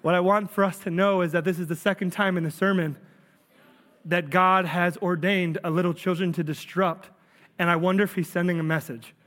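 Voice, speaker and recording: A man's voice: sits high, fairly even intonation, brisk, a bit bright. A male pastor delivering a sermon in an earnest, emphatic preaching manner. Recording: long reverb of a large hall.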